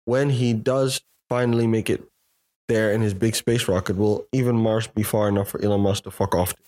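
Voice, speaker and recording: A man's voice: on the low side, steady tone, moderate pace, darkish tone. A man co-hosting a casual podcast, reading an article aloud with joking asides and frequent swearing. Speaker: podcast co-host.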